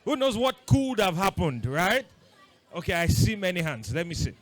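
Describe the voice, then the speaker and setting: A man with a fairly high voice runs a lively session for boys. He keeps firing short questions at the kids, teasing them playfully as he goes. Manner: playful, quizzing the audience with quick questions. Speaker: workshop leader talking to boys. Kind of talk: interactive talk with children.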